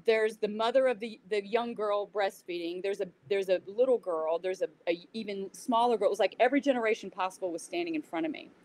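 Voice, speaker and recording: Woman interview guest, animated storyteller, acts out quotes, mid-pitched voice. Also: fast, few pauses, low-quality recording. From United States. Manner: animated retelling with acted-out quotes. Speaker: interview guest, yoga teacher. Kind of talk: casual storytelling.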